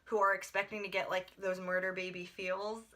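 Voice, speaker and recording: A woman's voice: mid-range voice, level tone, a little fast, pushed and bright. A young woman from the United States chatting through a book review, gushing and rambling with lots of filler words. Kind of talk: casual book review vlog.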